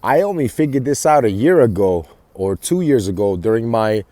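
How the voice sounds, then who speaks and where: A man's voice: mid-range voice, lively intonation, normal speed, mellow, no room sound. A man talking to camera in a rambling, profanity-heavy monologue, often restarting his sentences. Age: adult with children. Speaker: vlogger. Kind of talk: casual monologue.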